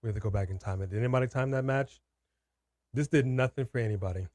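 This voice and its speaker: A man's voice: mid-range voice, fast, a little mellow, no echo. A man co-hosting a live watch-party stream, venting hard and hammering his points home again and again. His voice sits in an ordinary middle range. The sound is dry and close, with no room around it. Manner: ranting, emphatic, repeats his points. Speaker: co-host.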